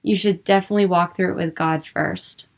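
A woman's voice: lowish voice, steady tone, a little fast, vocal fry. A young woman speaking earnestly about faith and emotions in a personal, unscripted way, with lots of filler words. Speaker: Christian speaker.

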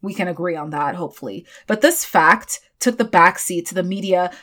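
A woman hosting a history podcast, reading scripted narration broken up by animated, sarcastic asides. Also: fairly low pitch, brisk. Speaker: podcast host.

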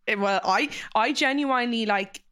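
A young Irish woman hosting a casual podcast chat with a friend. Her voice sits a little high, and she talks in a loose, gossipy way, laughing a lot and swearing casually. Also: moderate pace, sharp tone, smooth. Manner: chatty, laughs often, swears freely. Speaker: podcast host.

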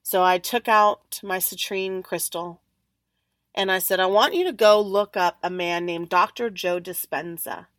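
A woman hosting a podcast, telling a story in an animated way and acting out the other people's lines. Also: on the low side, a little slow, no echo. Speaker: podcast host. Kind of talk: storytelling monologue.

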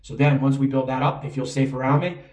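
Recorded from a distance with a roomy echo, a man gives a spoken coaching talk in a steady, fast, slightly mellow mid-range voice. He keeps it conversational and keeps asking "right?".

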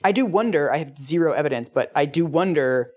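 Low-voiced wry woman co-host. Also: expressive, a little mellow. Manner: wry, reactive, quick asides. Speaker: podcast co-host. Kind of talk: casual chat.

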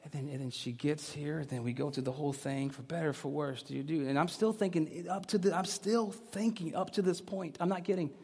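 A man's voice: a little high, fairly even intonation, fairly quick, gravelly, few pauses, breathy edge. Man preaching a candid sermon. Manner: candid storytelling, swinging from loud to hushed. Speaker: pastor. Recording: long reverb of a big hall.

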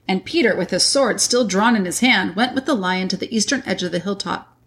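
Woman reading a storybook aloud, measured. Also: medium pitch, a bit bright. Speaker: reader. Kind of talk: audiobook narration.

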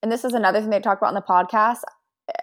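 A woman's voice: medium pitch, steady tone, racing. A young woman co-hosting a podcast, chatting casually and recapping celebrity gossip with quoted asides. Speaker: podcast co-host.

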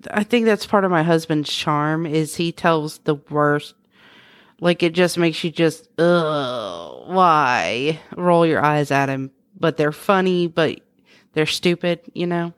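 A woman in her thirties co-hosts a podcast in easy, rambling chat. Her voice sits a little low and sounds dry and close. She laughs often and restarts her sentences as she goes. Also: a little slow, smooth, no room sound. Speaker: podcast co-host. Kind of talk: casual chat.

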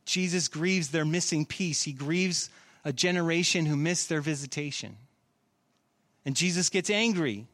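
Earnest high-voiced pastor preaching. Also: male voice, a little slow, fairly bright tone. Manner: earnest preaching with rhetorical questions. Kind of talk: sermon. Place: church.

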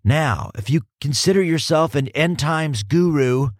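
A man hosting a casual podcast and teaching the Bible, animated and emphatic, often repeating words for stress and poking fun at himself. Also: a little high, unhurried, dry recording, clean studio sound. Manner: animated, self-mocking, emphatic repetition.

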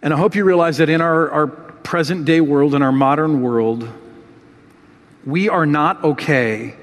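A man's voice: a little high, unhurried, in a large hall. A man preaching a sermon in an earnest, heartfelt way, reading scripture with rising emotion. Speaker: pastor.

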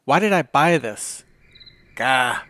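A man's voice: medium pitch, expressive, takes it slowly, pushed and bright. A man hosting a comedy podcast, reading online reviews aloud in a dry, joking way. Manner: reads listener reviews aloud with dry humor. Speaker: podcast host.

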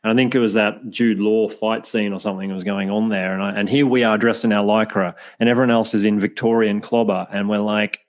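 Low-voiced male host, hesitant. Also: fairly even intonation, brisk, hardly any pauses. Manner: rambling, hesitant questions with many fillers. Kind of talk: casual interview chat.

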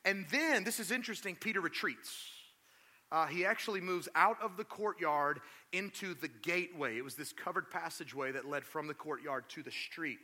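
Pastor guy preaching, super bright voice, chatty asides, tells it like a story. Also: on the high side, moderate pace. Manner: animated storytelling, acts out quotes; conversational, asides to the congregation. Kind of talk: sermon.

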